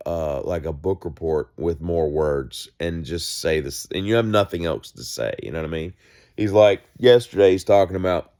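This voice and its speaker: Deep-voiced man rambling casually. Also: darkish tone. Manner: rambling, digressive, loses his train of thought. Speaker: daily show host. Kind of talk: casual solo monologue.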